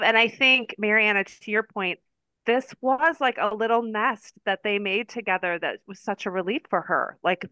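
Co-host, woman, bright tone, earnest, dry close sound. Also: medium pitch, clear, resonant tone, no echo. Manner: earnest, emphatic, uses filler likes. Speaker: podcast co-host. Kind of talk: casual book-club chat.

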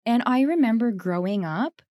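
A woman's voice: fairly high pitch, lively intonation, moderate pace, dark tone, no echo, clean studio sound. A woman from Canada co-hosting a podcast, telling a story in a casual, reflective way, with lots of "like" and frequent laughter. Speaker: podcast co-host.

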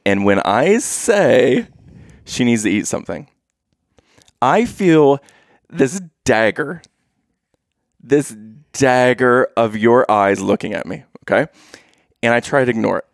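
A man's voice: medium pitch, lively intonation, takes it slowly, vocal fry, pauses often, no echo, clean studio sound. A man in his thirties telling a playful, teasing family story to his listeners. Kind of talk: casual storytelling to camera.

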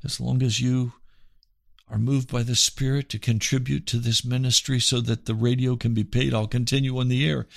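A man's voice: mid-range voice, level tone, moderate pace, vocal fry, no echo. A man preaching on his radio broadcast, earnest and pleading, often repeating phrases. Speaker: radio pastor. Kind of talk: radio sermon.

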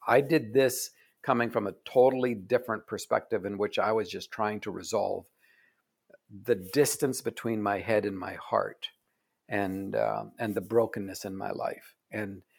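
A man being interviewed as an author, speaking in a soft, earnest, reflective way that often trails off quietly. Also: fairly low pitch, steady tone, unhurried, gravelly, breathy edge. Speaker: author guest. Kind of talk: reflective conversation. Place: Oregon.

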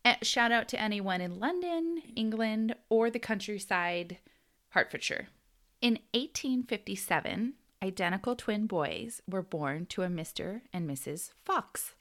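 A woman's voice: medium pitch, expressive, unhurried, hardly any pauses, fairly bright tone. An American woman co-hosting a podcast, chatting casually and laughing often as she tells a story. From United States. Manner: giggly, storytelling. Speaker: podcast co-host. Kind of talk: casual chat.

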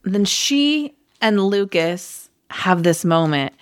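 A woman's voice: mid-range voice, slow pace, clean tone, no echo, clean studio sound. A woman co-hosting a casual movie review podcast, telling her story with feeling. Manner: emotional, animated storyteller. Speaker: podcast co-host.

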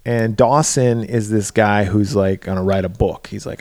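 In a casual movie-recap chat, this male podcast co-host retells the plot loosely with plenty of filler words and profanity. His voice is on the low side, flat, creaky and a little mellow at a moderate pace, with dry, clean studio sound.

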